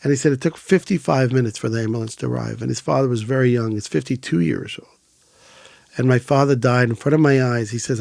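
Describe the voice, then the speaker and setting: A middle-aged Israeli man who founded an emergency volunteer organization tells stories in a casual interview, animatedly acting out the voices he quotes. His voice is medium-pitched, quick, and creaky, captured in clean studio sound with no echo.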